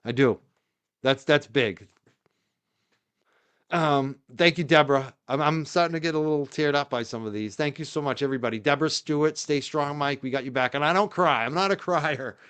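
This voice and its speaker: A man's voice: on the high side, moderate pace, fairly bright tone, clear, resonant tone. A man hosting his own livestream show, talking casually and emotionally, moved and grateful, then indignant. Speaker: podcast host.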